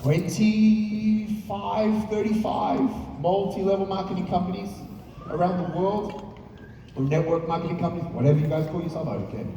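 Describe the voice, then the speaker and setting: A man's voice: high voice, moderate pace, lo-fi sound, background noise. A man giving a motivational stage speech to a live audience, talking emphatically, repeating points and rallying the crowd. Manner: emphatic, repetitive, rallies the audience. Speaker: motivational speaker. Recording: echoey hall, distant mic, crowd.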